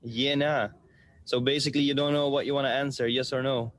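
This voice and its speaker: A man's voice: mid-range voice, flat delivery, brisk, dry recording. A man, a professional darts player, answering interview questions over a video call in a cheerful, playful way and laughing often.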